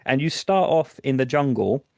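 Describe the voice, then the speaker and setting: A young man, chatting casually as a podcast co-host and telling animated stories. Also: medium pitch, moderate pace, vocal fry, no room sound, clean studio sound. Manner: animated storyteller, acts out game characters. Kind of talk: casual chat.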